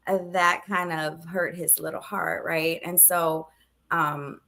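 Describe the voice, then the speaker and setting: A woman's voice: sits low, flat delivery, takes it slowly, gravelly, bright, forceful tone. A woman in her thirties, co-hosting a podcast, telling a personal story in a casual way, acting out quoted dialogue and laughing now and then. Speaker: podcast co-host.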